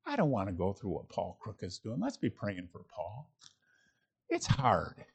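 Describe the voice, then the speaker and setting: A middle-aged man preaching a sermon in a relaxed, conversational way, with reflective chuckling asides and frequent restarts. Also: on the low side, a little slow, gravelly, breathy edge. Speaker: pastor.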